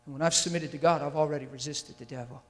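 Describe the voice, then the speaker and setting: Quick-paced and steady in tone, a man with a voice on the high side preaches in a large church hall. Using a handheld or stand mic, he's intense and emphatic, with frequent rhetorical questions about whether the crowd follows him, under long hall reverb.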